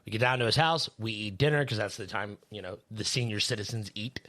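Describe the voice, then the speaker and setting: A man's voice: lowish voice, fast, bright, forceful tone. A man co-hosting a podcast, chatting casually in a rambling way, with lots of fillers and swearing. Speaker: podcast co-host; third shift worker.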